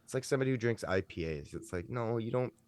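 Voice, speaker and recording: A man's voice: mid-range voice, animated, fast, darkish tone, clean tone. A man co-hosting a podcast in casual chat, blunt and teasing, and he swears freely. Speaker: podcast co-host.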